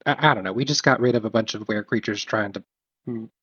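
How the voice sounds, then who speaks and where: A man's voice: lowish voice, quick pace, pushed and bright, slightly rough, dry recording. A man playing a tabletop game, talking casually and a little rambling. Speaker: player. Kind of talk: casual in-character play. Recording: dry, dull lo-fi mic.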